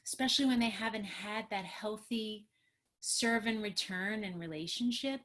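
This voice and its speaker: A middle-aged woman, a trauma therapist, giving an animated, emphatic webinar talk on a video call and acting out what parents and children say. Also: mid-range voice, moderate pace. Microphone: computer mic on a video call.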